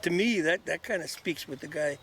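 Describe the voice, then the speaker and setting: A man in a casual chat who speaks earnestly and haltingly, with many restarts. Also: on the high side, a bit bright, a little hiss or hum.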